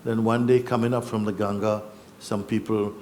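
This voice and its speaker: A man giving a spiritual talk, telling a personal story in an unhurried, reflective way with soft laughs and hesitations. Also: fairly low pitch, level tone, a little hiss or hum. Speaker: spiritual teacher. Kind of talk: satsang storytelling. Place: satsang gathering in Rishikesh.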